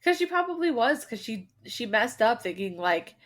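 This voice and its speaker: A woman's voice: fairly high pitch, big pitch swings, normal speed. Casual emphatic woman podcast co-host. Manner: casual and emphatic, full of "like", slangy asides. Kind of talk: casual chat.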